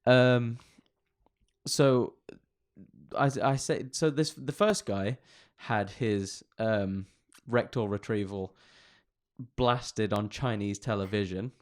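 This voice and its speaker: A man's voice: lowish voice, slow pace. A man co-hosting a comedy podcast, reading out odd internet stories in a casual, jokey way with plenty of laughs and swearing. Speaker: podcast co-host.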